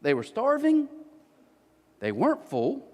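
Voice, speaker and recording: A male pastor preaches to his congregation in a large church auditorium, telling jokey stories and teasing his listeners. His voice is very high and darkish in tone, swinging hugely in pitch as he takes his time. Long hall reverb fills the recording.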